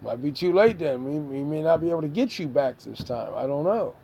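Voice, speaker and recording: A man's voice: fairly high pitch, animated, fairly quick, gravelly, warm tone, slight background noise. A man giving a stern, exasperated lecture to a child, full of rhetorical questions. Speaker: stepfather figure scolding a child.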